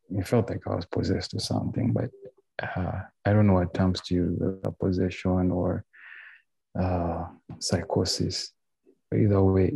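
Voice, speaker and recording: A young man with a deep, rough, breathy voice tells his story haltingly, restarting his sentences. English is not his first language. His tone is dark and mellow, and the recording is dry and close. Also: dry recording, poor audio. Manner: candid, halting, full of restarts. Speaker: guest telling his story. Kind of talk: personal recovery story. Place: indoors, a library.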